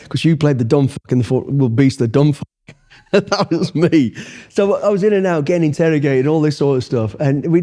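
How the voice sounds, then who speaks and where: Man, middle-aged, very dark mellow tone, blunt sweary storytelling. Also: mid-range voice. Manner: blunt, swears freely, acts out his past thoughts. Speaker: interview guest, former special forces soldier. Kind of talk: casual storytelling.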